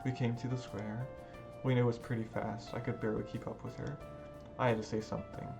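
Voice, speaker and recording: A man's voice: medium pitch, level tone, brisk, gravelly. Man reading game narration over music. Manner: earnest first-person storytelling. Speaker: let's play host reading a visual novel. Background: background game music.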